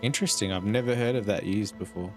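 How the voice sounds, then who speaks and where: A man's voice: lowish voice, fast, soft background music. A man streaming a game, chatting casually and joking with a friend. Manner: joking, laughs at his own lines. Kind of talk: casual gaming chat.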